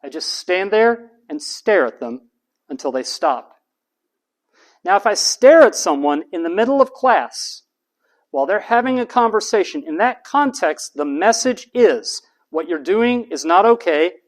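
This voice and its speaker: A lecturer giving a classroom lecture, speaking in a deliberately raised pitch that carries, with slow, emphatic delivery. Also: big pitch swings. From United States. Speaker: university lecturer.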